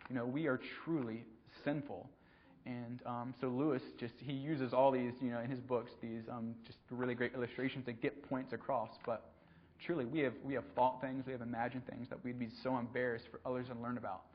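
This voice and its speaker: A man preaching a conversational sermon, pausing often with ums and repeating words as he goes. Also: mid-range voice, flat delivery. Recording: dull lo-fi recording.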